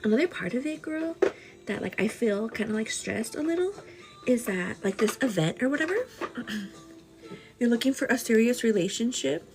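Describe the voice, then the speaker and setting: A woman's voice: a little high, moderate pace, over music. Chatty woman hosting a morning livestream. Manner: chatty, animated, calls viewers "girl"; greets viewers by name mid-story. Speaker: livestream host. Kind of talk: casual chat while eating breakfast.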